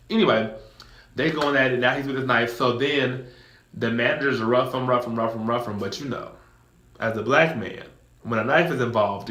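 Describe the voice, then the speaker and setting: Young guy w/ telling a story, mid voice, goes squeaky doing people, echoey room. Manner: animated, acts out voices in high squeals. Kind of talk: casual storytime vlog.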